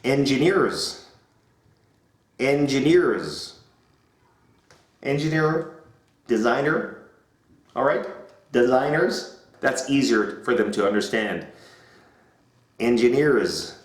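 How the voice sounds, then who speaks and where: A man demonstrating an English lesson, drilling words slowly and over-enunciating them as he would for his students. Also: mid-range voice, animated. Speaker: English teacher. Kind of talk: teaching demonstration. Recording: echoey room.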